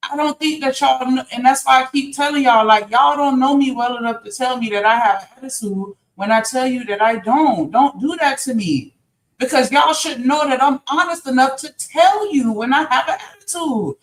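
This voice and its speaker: A woman's voice: high voice, moderate pace, roomy sound, low-quality recording. A woman co-hosting a live stream, defending herself emphatically. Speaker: stream co-host. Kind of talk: heated casual argument.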